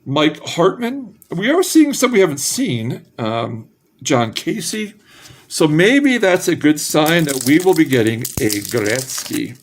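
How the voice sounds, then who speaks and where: A man casually narrating as he opens packs of trading cards, reading names one by one with offhand asides and bursts of excitement at good pulls. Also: a little high, slow, slight background noise. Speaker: card collector opening packs. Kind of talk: casual pack-opening commentary.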